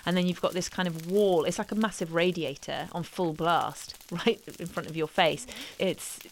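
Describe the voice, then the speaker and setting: A woman, a wildlife filmmaker, telling stories in a lively conversational way and acting out what people said. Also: moderate pace, slight background noise. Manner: animated, acts out quotes in a higher voice. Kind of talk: conversational storytelling.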